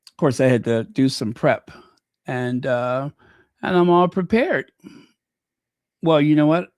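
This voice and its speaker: A man's voice: mid-range voice, a little slow, darkish tone, no echo. A man hosting a casual livestream, chatting in a rambling way with many fillers and restarts, close to the mic. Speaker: channel host.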